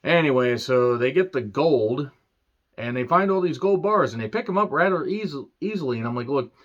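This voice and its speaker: A man's voice: mid-range voice, lively intonation, normal speed, a bit bright, dull audio. Sarcastic rambling male movie reviewer. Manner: sarcastic, rambling, profane asides. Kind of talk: casual ranting film review.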